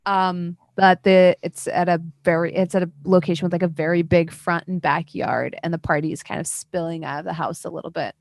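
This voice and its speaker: A woman runs a tabletop role-playing game as the storyteller. Her voice sits low, and she narrates in a loose, halting way, with plenty of fillers and dry asides. The mic is close and dry, with little room sound. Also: fairly even intonation, vocal fry, a little mellow, no echo.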